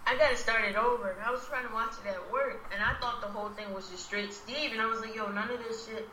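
A fairly high-voiced woman who speaks hesitantly and starts her sentences over. The recording is roomy, with clear noise behind her. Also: fairly even intonation, fast, pushed and bright. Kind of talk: casual chat.

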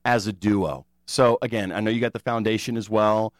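A man's voice: on the low side, fairly even intonation, fairly quick, dry recording, studio quality. A man hosting a podcast, joking and teasing his guests in casual chat. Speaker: podcast host. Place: warm podcast studio.

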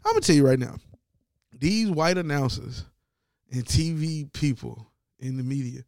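A man giving a casual, profane sports commentary rant, animated and mocking as he talks. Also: fairly high pitch, a little slow, vocal fry, no room sound, studio quality.

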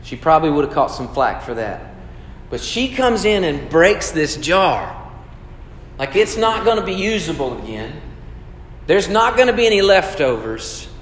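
A pastor with a high-side, fairly bright voice preaches in a sing-song way at a measured pace, earnest and conversational as he poses questions to listeners. The echoey hall adds long reverb over slight background noise.

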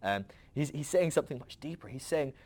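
A man's voice: medium pitch, expressive, brisk, a little mellow. A man hosting a podcast, talking through a rambling, conversational philosophical monologue with frequent asides to the listener. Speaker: podcast host.

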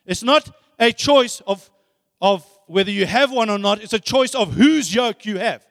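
A man's voice: high-pitched, expressive, normal speed, vocal fry, a bit bright. A man preaching a sermon, emphatic, repeating phrases and asking rhetorical questions. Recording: long hall reverb.

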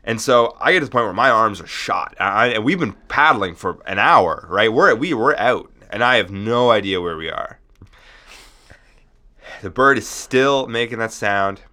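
A man co-hosting a podcast, telling a deadpan comic story in a rambling way, full of restarts. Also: fairly low pitch, normal speed. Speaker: podcast co-host.

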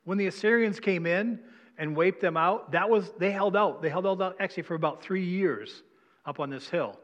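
Man, pastor, conversational sermon, slightly high pitch, long hall reverb. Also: moderate pace, highs cut off. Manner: conversational preaching, asks congregation questions. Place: church sanctuary.

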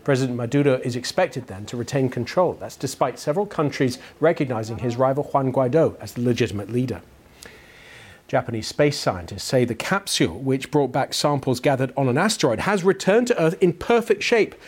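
Measured, husky male newsreader. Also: mid-range voice, expressive. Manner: measured, formal delivery. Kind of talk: broadcast news headlines.

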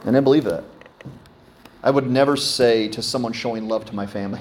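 A man's voice: medium pitch, a little fast, pauses often, noisy background. A man in his thirties, a pastor preaching a sermon in a conversational way, often asking his congregation questions.

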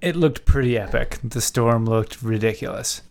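A man's voice: mid-range voice, moderate pace, gravelly, a little mellow. A man co-hosting a casual podcast, easygoing, with a dry sense of humor. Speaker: podcast co-host.

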